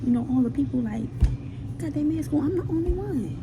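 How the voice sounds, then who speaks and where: A young woman in her twenties with a Baltimore accent chats and rants into her phone camera, her voice a little high and full of swings. She swears casually and tells her stories with animated energy. Car and street noise hums clearly behind her. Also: a little fast. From Baltimore, Maryland. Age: 20s. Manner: animated storytelling, loud put-on shouting in retold quotes, swearing slang. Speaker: vlogger. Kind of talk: casual vlog chat. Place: in a car and around town.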